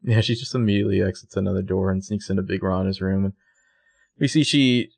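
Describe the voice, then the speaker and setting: A man's voice: deep voice, fast talker, vocal fry, darkish tone. A man co-hosting a podcast, casually retelling a TV episode with lots of fillers. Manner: rambling, filler-heavy retelling. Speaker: podcast co-host. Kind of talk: casual TV recap chat.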